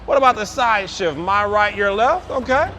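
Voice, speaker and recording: A man shows off a forklift outdoors, hyped and exuberant, piling up repeated praise. His voice sits high and leaps all over the place. A faint wash of outdoor vehicle noise runs underneath. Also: lively intonation, moderate pace. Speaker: forklift salesman demonstrating a lift. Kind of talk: enthusiastic product demo.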